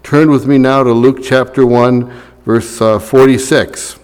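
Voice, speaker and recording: A man's voice: medium pitch, fairly even intonation, unhurried, a little mellow, clear, resonant tone, in a large hall. A man preaching a sermon as a pastor, talking casually with fillers and reading scripture aloud.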